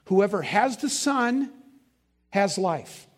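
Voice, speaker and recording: A man with a notably high voice delivers a sermon as pastor. He is emphatic and slows down to press on the key words. He often poses questions for the congregation to answer aloud. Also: animated. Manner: asks the congregation to fill in answers.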